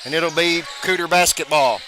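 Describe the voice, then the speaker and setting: Play-by-play caller, male, pitched high, quick calls with bursts of excitement, gym noise in the background. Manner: rapid calls, bursts of excitement on made shots. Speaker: play-by-play announcer. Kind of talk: live basketball play-by-play. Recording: noisy gym ambience behind voice.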